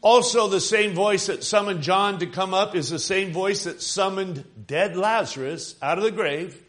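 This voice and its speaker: Emphatic preacher man, higher voice. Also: moderate pace, fairly bright tone. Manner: emphatic, rising and falling for emphasis, calls out to the congregation. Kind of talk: sermon.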